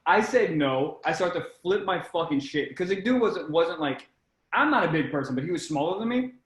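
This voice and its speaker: A man's voice: a little high, lively intonation, moderate pace, a bit bright, roomy sound, low-quality recording. A young man, a comedian guest, telling a story in casual chat, swearing freely and acting out the voices in it.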